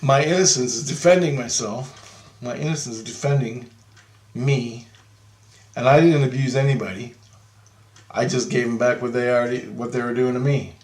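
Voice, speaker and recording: A man's voice: mid-range voice, fairly even intonation, normal speed, pauses often. Rambling man telling a story, echoey room. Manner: meandering, repeats himself, swears casually. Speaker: storyteller recounting a dream. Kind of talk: casual rambling monologue.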